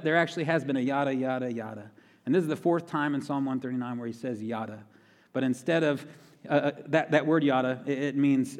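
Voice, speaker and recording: A man preaching a sermon in a conversational way, repeating key phrases for emphasis. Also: mid-range voice. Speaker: pastor. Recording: long reverb of a large hall.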